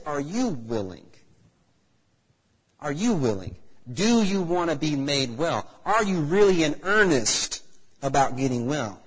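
A male preacher delivers a sermon in a church hall, asking the congregation question after question. His pitch sits a little high and swings widely. The voice is husky, and it rings out with long reverb across the hall. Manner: animated, rhetorical questions to the congregation.

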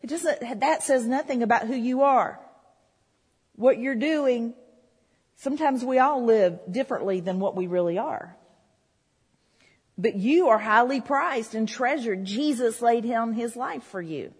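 Woman preacher, kinda high husky voice, chatting with the congregation, long echo in the church. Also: unhurried. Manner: conversational, talks with the congregation. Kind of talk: sermon. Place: church hall. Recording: reverberant hall.

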